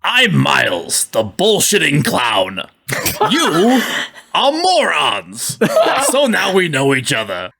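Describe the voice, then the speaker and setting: A man's voice: a little high, wildly swooping pitch, slow pace, creaky, pushed and bright, breathy edge, exaggerated voice. A man voicing a contemptuous male killer clown in a theatrical quoted delivery. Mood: mocking.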